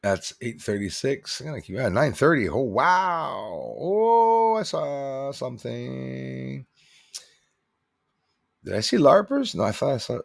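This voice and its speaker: A man's voice: medium pitch, sing-song, moderate pace, creaky, few pauses, breathy edge, no echo, studio quality. A middle-aged man from Canada hosting a casual livestream, rambling and reading viewer comments aloud. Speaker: livestream host.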